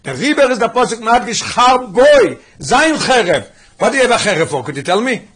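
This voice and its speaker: A man's voice: very high-pitched, big pitch swings, fairly quick, fairly bright tone, husky. A man teaching a religious text class, working through sources with repeated questions and mixing English with Hebrew and Yiddish terms. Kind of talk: lesson on a Talmudic text.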